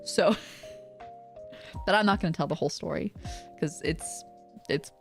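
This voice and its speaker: A woman's voice: low-pitched, a little slow, creaky, soft background music. Rambling laughing woman streamer. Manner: rambling, laughs often, lots of "like". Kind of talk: casual storytelling chat.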